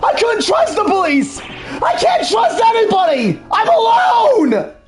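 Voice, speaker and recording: A cornered villain ringmaster screams and shrieks in high, wildly swinging panic. He talks slowly, dragging out each desperate cry. Faint game music runs behind him. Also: wildly swooping pitch, shouting, exaggerated voice.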